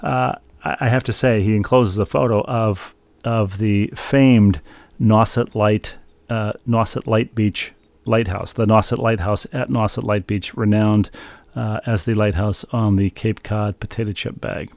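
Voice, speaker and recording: A man's voice: lowish voice, steady tone, measured pace, vocal fry, a little mellow, no room sound. A middle-aged man co-hosting a sports podcast, wryly reading listener mail with a meandering, filler-heavy delivery. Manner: wry, meandering, with many fillers. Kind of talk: casual sports chat.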